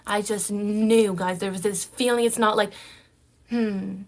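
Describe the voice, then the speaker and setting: A young woman talking straight to her viewers in relaxed, chatty storytelling. She keeps dropping "like" and checking in with "right?" as she goes. Her voice sits at an ordinary pitch for a woman. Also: measured pace. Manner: animated storytelling, frequent "like" and "right?" fillers. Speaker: vlogger. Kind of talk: casual storytelling.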